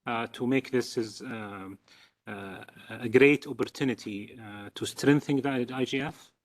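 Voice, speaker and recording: A man from Saudi Arabia with a Saudi accent, a native Arabic speaker, giving a formal statement as the host country's representative, halting, with many fillers and repeated words. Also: medium pitch.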